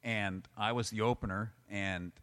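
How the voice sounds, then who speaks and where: A man in casual chat, telling stand-up comedy road stories with animated delivery. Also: on the low side, measured pace. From United States. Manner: animated storyteller, acts out loud quoted yelling.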